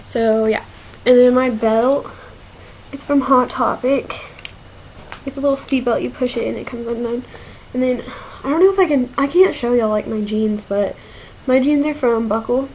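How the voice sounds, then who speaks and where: A woman's voice: a little high, darkish tone, a little hiss or hum, poor audio. A young woman in her teens rambling through a casual shopping haul video, with lots of fillers and y'all. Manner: slow, rambling, filler-heavy, says y'all. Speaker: vlogger.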